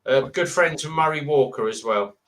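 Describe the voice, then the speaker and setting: A man in his fifties hosts a laid-back late-night live chat with friends, rambling, joking and breaking into silly voices as he tells a story. He speaks at a moderate pace with a medium-pitched, fairly bright voice.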